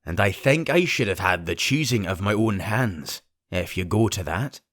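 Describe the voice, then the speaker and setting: A man voicing a stern, blunt sea captain who speaks in clipped, deliberate sentences. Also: lowish voice, animated, fairly bright tone, no echo, studio quality. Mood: firm.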